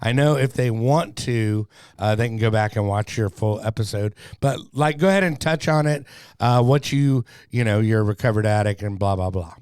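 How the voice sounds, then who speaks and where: A man's voice: fairly low pitch, normal speed, a little mellow, smooth, no room sound, studio quality. A man hosting a casual recovery podcast, joking and laughing often. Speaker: podcast host.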